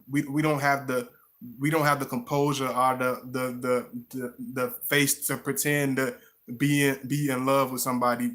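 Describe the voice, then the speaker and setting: A man talking casually on a live stream with a bright, forward tone. His pitch stays flat and even as he rambles, restarting and repeating words. He keeps greeting his viewers by name.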